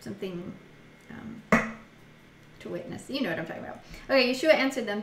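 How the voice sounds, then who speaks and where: A woman's voice: mid-range voice, animated, brisk. Chatty woman leading a Bible study, echoey room. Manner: chatty, giggly, reads scripture aloud and muses on it. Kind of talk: casual Bible study reading. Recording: echoey room with faint noise.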